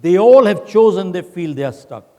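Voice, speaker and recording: A man's voice: sits high, expressive, normal speed, darkish tone. An older man voicing his blunt, scolding former sales manager in a keynote story. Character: stern older male insurance manager. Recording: long hall reverb.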